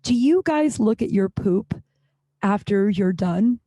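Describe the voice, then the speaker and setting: A woman's voice: mid-range voice, expressive, slow, dark tone, dry recording. A woman in her forties hosting her own podcast, chatting in a rambling, candid way and swearing casually. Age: 40s. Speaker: podcast host. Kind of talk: casual solo podcast chat. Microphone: studio podcast microphone.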